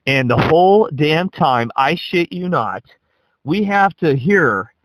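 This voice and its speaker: A man's voice: a little high, animated, slow, a bit bright, no room sound, rough recording. A man telling a rambling, profane anecdote in a casual way, often checking in with "right?". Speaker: storyteller.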